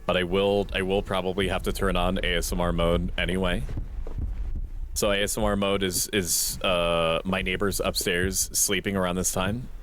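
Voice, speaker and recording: Man, extremely deep voice, quiet monotone, gameplay streamer, faint background noise. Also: moderate pace. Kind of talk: casual gameplay commentary. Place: home at night.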